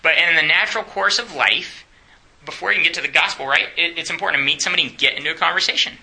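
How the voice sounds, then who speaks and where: A man's voice: a little high, racing, vocal fry, sharp tone, poor audio. A man teaching a church class in a chatty way, often asking the room questions and laughing.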